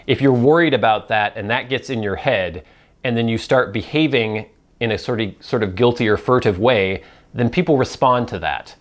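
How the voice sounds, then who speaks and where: A man's voice: medium pitch, moderate pace. A man hosting a casual solo show, answering viewer questions in a rambling, self-deprecating, conversational way. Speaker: host.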